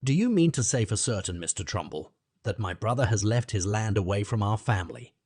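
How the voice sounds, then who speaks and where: A man's voice: on the low side, expressive, brisk, darkish tone, breathy edge, dry recording, studio quality. A man reading the part of a gloomy, anxious older woman in an audiobook. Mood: dismayed. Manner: plaintive, anxious. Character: gloomy, unhopeful older countrywoman.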